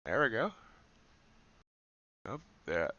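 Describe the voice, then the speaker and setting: A man's voice: lowish voice, big pitch swings, takes it slowly, sharp tone, dull audio. A man live-streaming his futures trades, thinking aloud in a muttered running commentary with dry asides. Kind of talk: thinking aloud while trading.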